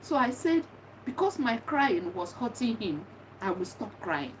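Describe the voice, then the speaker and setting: A woman's voice: a little high, big pitch swings, measured pace, slight background noise. Earnest middle-aged woman, distant mic. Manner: earnest, repetitive, reflective. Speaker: speaker sharing personal grief story. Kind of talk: personal testimony monologue.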